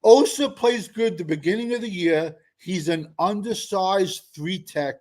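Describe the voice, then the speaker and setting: In a heated football debate, a man with a fairly high, darkish voice speaks unhurriedly. He's sarcastic and pushy, repeating himself to hammer his point home.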